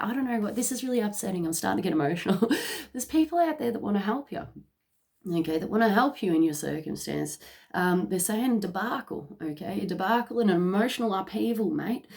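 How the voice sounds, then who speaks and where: Low-voiced chatty woman psychic reader. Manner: chatty, peppered with "okay?" check-ins and fillers. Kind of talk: casual channelled reading to camera.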